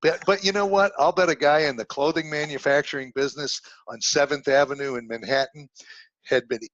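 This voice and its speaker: A middle-aged man, an investor and teacher, telling stories in an animated, folksy way as a guest from home. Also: on the high side, no echo, dull audio. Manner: animated storyteller, folksy, quick with jokes. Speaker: guest, real estate investor and instructor. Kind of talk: casual storytelling interview.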